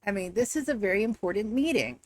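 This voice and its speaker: A woman's voice: mid-range voice, lively intonation, fast, natural voice. A woman doing a sneering, lazy horned noble. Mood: dismissive. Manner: dismissive, contemptuous. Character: lounging, arrogant horned male noble.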